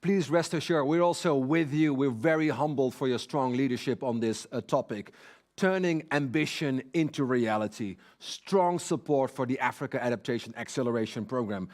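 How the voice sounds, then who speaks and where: A man moderating a high-level panel, polite and courteous, pausing often with fillers. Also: a little mellow.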